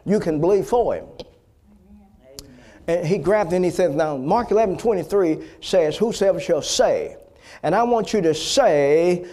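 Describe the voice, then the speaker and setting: A man preaching a healing sermon, emphatic and rising to loud, repeated exhortations, with frequent restarts. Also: a little high. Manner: restarts and stammers between phrases.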